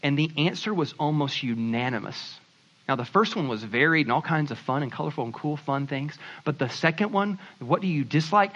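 A man with a high, bright voice preaches in a lively, conversational style, jumping between teaching and quick acted asides. The audio is somewhat dull and lo-fi. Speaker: pastor. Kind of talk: sermon.

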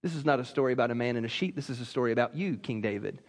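A man voicing a stern male prophet who confronts a king, speaking low and grave. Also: expressive, very fast. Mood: solemn.

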